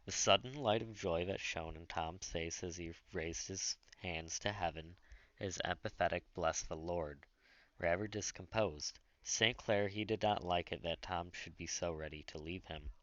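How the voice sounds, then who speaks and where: Deep-voiced male audiobook narrator. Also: moderate pace, a bit bright, dry recording. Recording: dull lo-fi dry recording.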